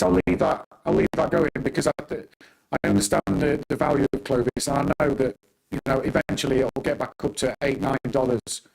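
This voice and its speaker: A middle-aged man hosts a casual live stream from his home desk, chatting with viewers by name. His voice is thick with gravel and fry, sitting at an ordinary middle pitch. He keeps the talk loose and conversational, with rallying encouragement for his audience. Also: a little mellow, rough recording. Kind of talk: casual live market commentary. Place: home desk, working on a laptop.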